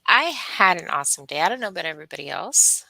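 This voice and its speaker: A woman's voice: fairly low pitch, sing-song, fast, creaky, pushed and bright, dry recording, low-quality recording. A woman joining a casual livestream chat with short remarks and reactions. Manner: brief interjections and backchannels.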